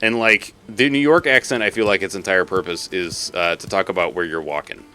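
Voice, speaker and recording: A man's voice: low voice, brisk, sharp tone, soft background music. A man from Massachusetts chatting casually on a live stream while gaming, rambling, laughing and swearing freely.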